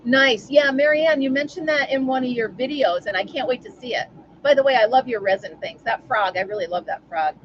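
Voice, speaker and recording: A woman's voice: sits high, fairly quick, muffled recording. Woman, live stream host, casual chat, answers viewers by name, faint background noise. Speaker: livestream host. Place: at home.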